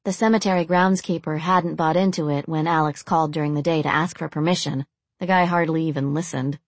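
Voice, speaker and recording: Low-voiced woman narrating a dark story. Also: no room sound. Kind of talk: audiobook narration.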